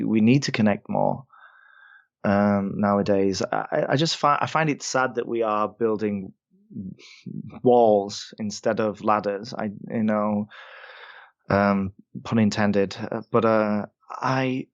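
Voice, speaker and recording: A man's voice: fairly low pitch, muffled recording. A man, a voice actor guest, telling anecdotes in a casual podcast interview, laughing often and sounding self-deprecating.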